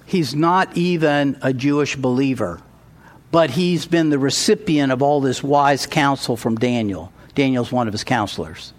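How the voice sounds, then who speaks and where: A man preaching a sermon, retelling a story in an animated, storytelling way and building to emphatic peaks. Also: medium pitch, normal speed. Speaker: pastor.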